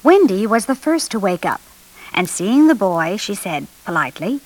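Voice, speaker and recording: A woman reading a children's storybook aloud in an expressive, animated way, lifting her voice for the children's lines. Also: medium pitch, normal speed, no room sound, rough recording. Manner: lively expressive read-aloud, raising her voice for children's dialogue. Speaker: storybook narrator.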